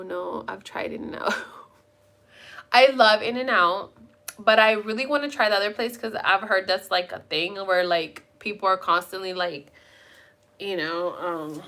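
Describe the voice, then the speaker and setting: A woman's voice: medium pitch, measured pace, pauses often, sharp tone. A young woman live-streaming at home, chatting with viewers in a rambling, casual way and swearing now and then. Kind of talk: casual chat.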